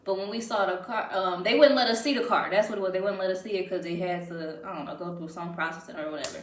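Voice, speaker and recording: A woman's voice: on the low side, steady tone, fast, slight background noise. A young woman friend joining a casual storytime chat, chiming in and laughing. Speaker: guest friend. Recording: echoey room.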